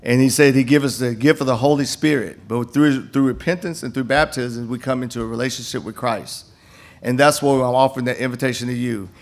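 A campus minister, an older man, addresses a congregation in the church sanctuary with a testimony and appeal. He speaks briskly in a medium-pitched voice, telling folksy stories that often start over.

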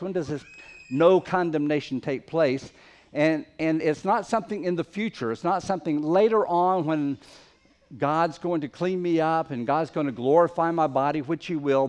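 A man preaching a sermon, stressing key words by repeating them and letting closing phrases fall soft and low.

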